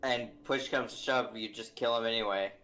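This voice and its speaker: A man's voice: mid-range voice, fairly even intonation, moderate pace, sharp tone. A man playing a tabletop game in a laid-back, joking way. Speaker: player. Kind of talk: casual tabletop play.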